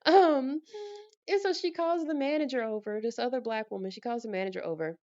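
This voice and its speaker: A woman vlogger in casual storytime mode, telling her story with lively energy and acting out the conversations. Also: fairly high pitch, a little fast, dull audio.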